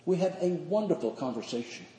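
An older man, a priest, preaching a sermon in measured, earnest phrases with slow emphatic pauses. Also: on the high side, animated, dark tone. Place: church sanctuary. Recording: echoey church hall.

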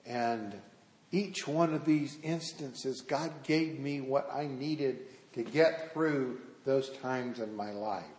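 Male priest, folksy sermon, slow unhurried delivery, long church reverb. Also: mid-range voice, darkish tone. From American South. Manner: folksy storytelling with frequent fillers. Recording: echoey church hall.

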